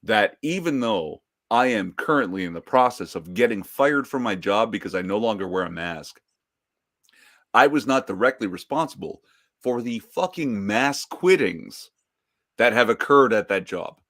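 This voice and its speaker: Low-voiced wry man, joking. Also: lively intonation, a bit bright. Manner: wry, quick to joke and laugh. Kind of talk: casual chat.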